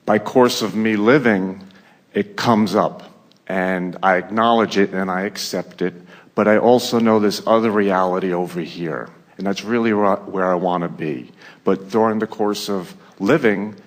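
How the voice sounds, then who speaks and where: A man in a seminar audience asking a personal question, halting and searching for his words. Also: fairly low pitch. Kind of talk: question from the floor.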